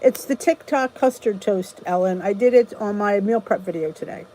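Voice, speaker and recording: A woman's voice: mid-range voice, normal speed, mellow, a little hiss or hum, rough recording. A woman hosting a casual livestream chat, greeting viewers by name and answering their comments in a rambling, chatty way. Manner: rambling with frequent restarts. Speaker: channel host.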